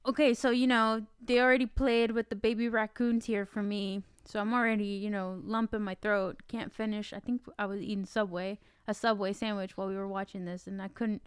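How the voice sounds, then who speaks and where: Animated, swearing woman podcaster, smooth voice. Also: mid-range voice, fairly quick, few pauses, dry recording, studio quality. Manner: animated, swears freely, acts out reactions. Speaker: podcast co-host. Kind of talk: casual film discussion.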